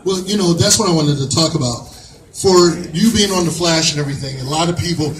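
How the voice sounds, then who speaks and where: A man moderating a fan convention panel with a high voice. He calls out to the crowd to hype them up between questions. He sounds off-mic and echoey, with a lively crowd and a clear hiss behind him. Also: brisk, recorded from a distance. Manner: hypes up the audience, calls out to the crowd. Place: convention hall with audience.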